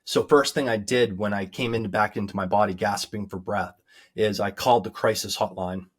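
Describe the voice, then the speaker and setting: A man with a lowish voice speaks as an interview guest. He recounts his story earnestly and reflectively, hesitating often with ums as he searches for words. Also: fairly even intonation. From United States. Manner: halting, many ums, sincere and reflective. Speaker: guest recounting a near-death experience. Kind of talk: earnest personal testimony.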